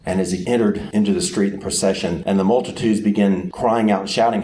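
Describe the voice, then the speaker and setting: A man preaching a sermon who tells the story dramatically, sometimes acting out crowd voices with sudden shouts. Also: fairly low pitch, normal speed, few pauses.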